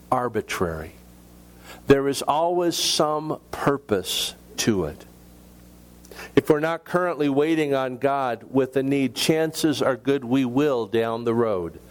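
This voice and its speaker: A male pastor delivering a sermon at an unhurried pace. He speaks in a mid-range voice. He sets his phrases apart with measured pauses. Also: mid-range voice. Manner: slow, deliberate preaching with measured pauses.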